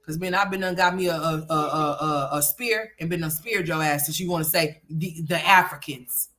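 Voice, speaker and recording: A woman hosting a casual livestream chat, loud and scolding one moment and joking the next. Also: low voice, normal speed. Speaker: livestream host.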